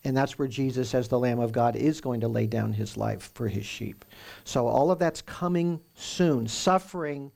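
A man pastor teaching through a Bible passage in a conversational, explanatory way, with animated emphasis. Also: mid-range voice, normal speed, vocal fry.

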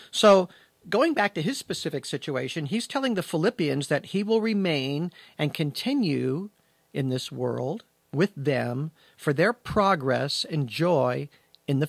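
A man gives a verse-by-verse Bible lesson, talking in an easy conversational way but leaning hard on the words he wants to stress. His voice sits a little higher than most men's. The sound is dry and close, with no room echo. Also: lively intonation, a little slow, gravelly. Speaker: Bible teacher.

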